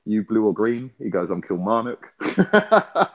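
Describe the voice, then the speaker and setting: A man's voice: on the low side, a little mellow. Swearing man telling a rant. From England. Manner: swearing, storytelling with rapid back-and-forth. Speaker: podcast co-host. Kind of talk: casual chat.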